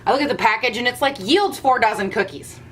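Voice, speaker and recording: A young woman chatting casually to her camera at home as a vlogger, animated and a bit out of breath, with playful rants. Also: on the high side, fast, slight background noise. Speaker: beauty vlogger.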